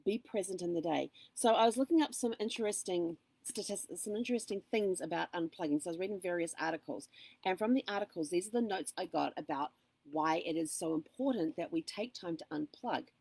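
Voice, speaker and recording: Gravelly upbeat New woman live-streaming. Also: on the low side, a little fast, darkish tone, no room sound. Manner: chatty, upbeat, with frequent ums and asides. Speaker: vlogger. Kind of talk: casual live-stream chat.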